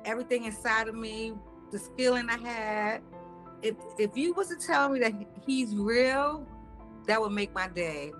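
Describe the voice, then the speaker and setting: A woman's voice: fairly high pitch, measured pace, a bit bright, faint music behind. Woman telling her story, hesitant and casual. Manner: conversational, hesitant, doubtful.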